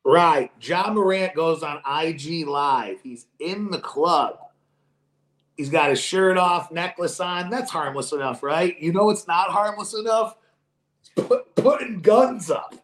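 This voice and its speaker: A man co-hosting a podcast, talking sports in a profane, animated way and acting out quoted voices. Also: a little high, takes it slowly, reverberant. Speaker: podcast co-host. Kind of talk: casual sports chat.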